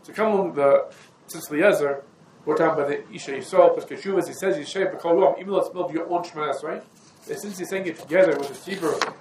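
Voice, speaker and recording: Man teaching a Torah class in an echoey room. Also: on the high side. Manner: talks through sources in a meandering, conversational way, with Hebrew and Yiddish terms. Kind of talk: halachic lesson. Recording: echoey room with faint ambient noise.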